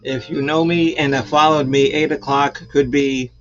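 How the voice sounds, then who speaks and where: A man's voice: on the high side, steady tone, normal speed. A man in his sixties hosting his own show, chatting casually and rambling with lots of fillers and jokes. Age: 60s. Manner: rambling, jokey, full of fillers. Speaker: show host. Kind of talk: casual livestream chat. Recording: lo-fi sound with faint background music.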